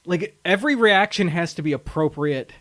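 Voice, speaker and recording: A man co-hosting a movie podcast, retelling scenes in a casual, animated way and laughing often. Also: sits high, moderate pace. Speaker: podcast co-host.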